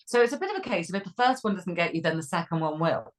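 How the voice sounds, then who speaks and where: A woman co-hosting a weather podcast, chatty and lively with jokey asides. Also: lowish voice, fast, rough recording. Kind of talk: casual chat.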